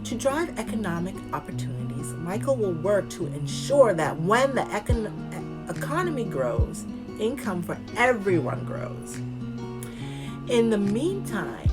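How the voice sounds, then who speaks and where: A woman's voice: medium pitch, big pitch swings, unhurried, loud music behind the voice. A woman hosting a casual vlog, reading web text aloud and chatting with asides to viewers in a playful put-on accent. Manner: chatty, talks straight to the viewers and to the candidate. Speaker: host.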